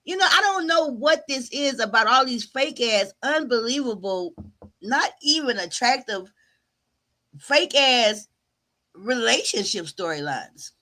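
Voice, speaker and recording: Sassy, bright-voiced woman commentator. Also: on the high side, animated, unhurried. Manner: sassy, drawling, repeats words and trails off. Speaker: YouTube commentary host. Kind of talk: casual live-stream commentary.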